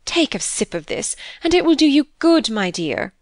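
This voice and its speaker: A woman's voice: fairly high pitch, big pitch swings, unhurried, a bit bright, dry recording, heavily acted. A woman voicing a fussy, inquisitive older lady of the manor in a storybook reading. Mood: fussing. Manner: doting, fussy.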